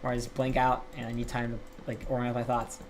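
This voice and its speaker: A young man with a mid-pitched voice talks through a game stream, telling a long story in a loose, rambling way. He swears often and gets animated as he talks. A faint noise sits underneath. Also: fast. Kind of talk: casual storytelling while gaming live.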